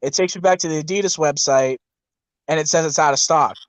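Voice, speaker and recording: A man's voice: on the high side, a little fast, no echo. A man venting animatedly and profanely in a casual livestream chat.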